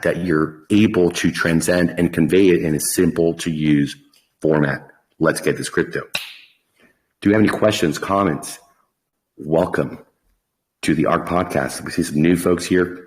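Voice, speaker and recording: A man hosting a casual podcast, talking in a folksy, animated way full of long analogies. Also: sits low, measured pace, poor audio. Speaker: podcast host.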